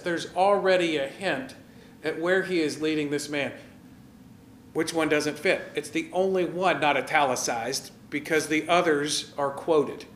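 High-voiced man preaching in an echoey church. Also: a little hiss or hum. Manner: animated, conversational preaching with rhetorical questions. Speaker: pastor. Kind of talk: sermon.

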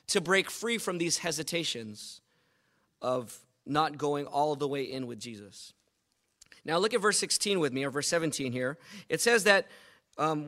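A man's voice: high-pitched, sharp tone. A man preaching a sermon as pastor, quizzing the congregation and repeating points with emphasis. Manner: asks the congregation questions, emphatic repetition.

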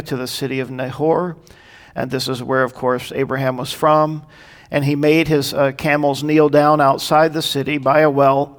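Earnest pastor teaching through scripture. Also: male voice, fairly high pitch. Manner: earnest, explanatory, acts out quoted prayers. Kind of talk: expository sermon.

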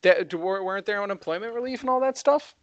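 A young man co-hosting a heated casual debate, talking fast and getting excited as he argues. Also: high voice, no echo, highs cut off. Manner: fast, excitable, rising when worked up. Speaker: co-host.

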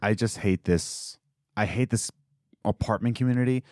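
A young man with a very low voice chats casually, emphatic and jumping up in pitch now and then. The sound is close and dry, with no room around it. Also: moderate pace, a little mellow, dry recording. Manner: emphatic, with sudden upward pitch jumps. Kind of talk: casual chat. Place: home apartment.

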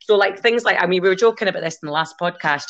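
A Scottish woman talks quickly and playfully, laughing often as she teaches words in a casual podcast chat. Her voice sits on the low side for a woman. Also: highs cut off. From Scotland. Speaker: guest teaching Gaelic.

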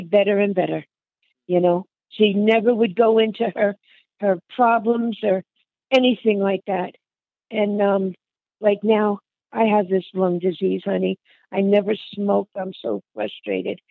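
Older lady with a gravelly voice, chatty, keeps calling you hon, sounds like a thin phone line. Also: mid-range voice, dry recording. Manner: chatty, calls the listener hon and honey. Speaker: interviewee. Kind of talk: reminiscing conversation.

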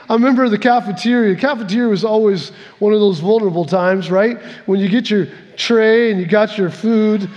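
A male pastor delivering a sermon in a relaxed, conversational way, drifting into personal stories and often restarting his sentences. His voice sits notably high. A long reverb from the church room trails behind every phrase.

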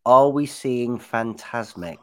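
A man of middle pitch chats on a podcast as co-host. He rambles into stories, trails off and picks the thread back up. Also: animated, slow pace, darkish tone, clear, resonant tone. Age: young adult or older. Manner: chatty, rambling storyteller who trails off and restarts. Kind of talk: casual chat.

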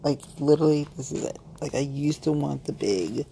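A woman's voice: sits low, normal speed, vocal fry, mellow, slight background noise, low-quality recording. A woman chatting candidly to camera, rambling and playful, frank and a little giggly, with lots of "like.". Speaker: vlogger. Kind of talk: candid casual chat to camera.

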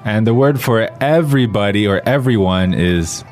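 A man's voice: lowish voice, animated, moderate pace, a little mellow, faint music behind. A man explaining phrases conversationally in a podcast language lesson. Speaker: language teacher.

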